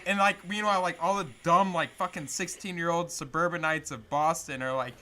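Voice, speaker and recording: A young man chatting on a podcast, excitable and profane, with many fillers. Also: a little high, brisk, few pauses. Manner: excitable, profane, lots of likes. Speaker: podcast co-host. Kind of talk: casual chat.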